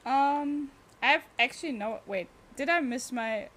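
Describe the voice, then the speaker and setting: A woman's voice: high voice, unhurried, a bit bright. A young woman, chatting and exclaiming as she streams a game. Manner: chatty, exclaiming, talks to chat. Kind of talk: casual gameplay commentary.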